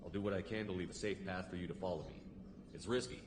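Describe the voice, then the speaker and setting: An actor voicing a male commander in a sci-fi video game, calmly urging civilians to flee. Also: low voice, fast talker, music in the background, close to an everyday voice. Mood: earnest. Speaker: game character. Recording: echoey game audio with ambient noise.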